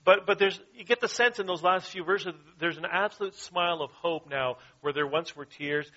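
A man's voice: high-pitched, normal speed, sharp tone, muffled recording. A man preaching a sermon in an earnest way, often repeating his key phrases. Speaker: pastor.

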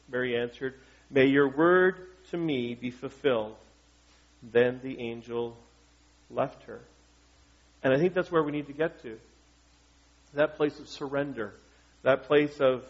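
A male pastor preaching a sermon in a conversational, joking way and asking his congregation questions. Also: fairly high pitch. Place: church. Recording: dull lo-fi recording.

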